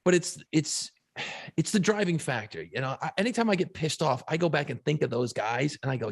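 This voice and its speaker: A man's voice: on the high side, animated, fast, creaky, slightly rough. A man co-hosting a podcast, telling stories in a profane, fired-up casual chat. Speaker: podcast co-host.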